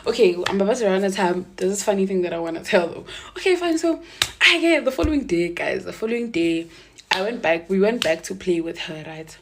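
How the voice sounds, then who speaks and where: A South African woman tells an animated, casual storytime, moving between English and isiZulu and laughing often. Her mid-range voice runs a little fast, with background noise behind her.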